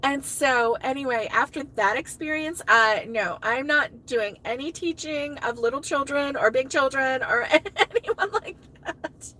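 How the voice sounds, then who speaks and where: Middle-aged woman, live-stream host, high bright voice, giggly casual chatter. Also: unhurried, poor audio. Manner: chatty, laughs often, answers chat comments. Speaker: crochet livestream host.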